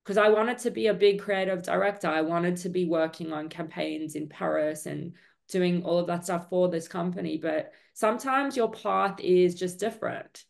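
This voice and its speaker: Earnest talkative woman, slightly low voice. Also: normal speed, creaky. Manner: earnest, talkative, with many fillers. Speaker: entrepreneur guest. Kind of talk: candid storytelling interview.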